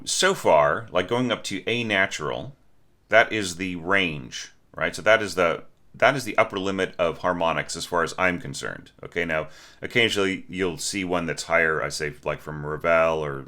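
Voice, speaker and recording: A man with a very low voice talks through a student's orchestration as a teacher. His tone is bright and forceful, and he keeps the critique conversational, checking in with "right?" and singing short notes to show what he means. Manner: conversational, asks questions, sings short notes. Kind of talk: spoken score critique.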